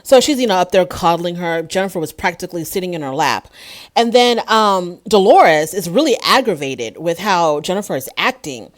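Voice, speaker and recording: A woman recaps a reality show episode in a loose, chatty way, full of her own opinions. Her voice sits a little low for a woman. She slips into quick impressions of what the cast members said. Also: expressive.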